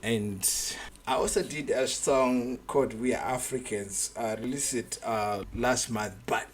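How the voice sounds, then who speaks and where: A man hosting a live radio show, talking loosely and casually and giving shout-outs to his listeners. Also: mid-range voice, a little slow, a little hiss or hum. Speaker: radio DJ and host.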